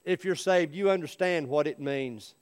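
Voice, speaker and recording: A man's voice: on the high side, moderate pace, in a large hall. A male pastor preaching a sermon in an earnest, folksy way, telling stories. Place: church.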